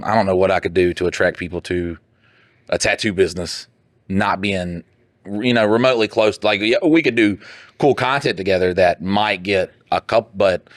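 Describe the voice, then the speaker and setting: Lowish guy on a podcast, chatty storyteller, dry close mic. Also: dry recording. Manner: animated storytelling with quoted voices and laughs. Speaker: podcast co-host. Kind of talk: casual chat.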